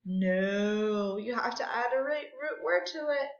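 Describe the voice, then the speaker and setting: A woman teaching a second grade grammar and phonics lesson, clapping out syllables in a slow, sing-song teacher voice. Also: a little high, lively intonation. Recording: echoey room, dull lo-fi sound.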